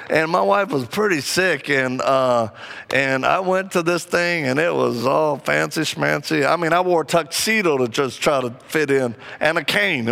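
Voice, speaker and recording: A man preaching a sermon with animated, humorous storytelling. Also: a little high, vocal fry.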